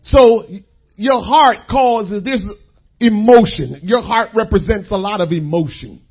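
A man preaching a sermon, repeating key lines and calling out to the congregation in drawn-out phrases. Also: high voice, slightly rough, lo-fi sound.

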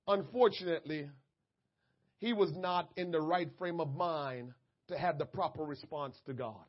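Fervent high-voiced male preacher, lo-fi. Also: husky. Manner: fervent preaching that swings from quiet asides to shouted, tearful prayers. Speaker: pastor. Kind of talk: sermon. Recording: dull lo-fi church audio.

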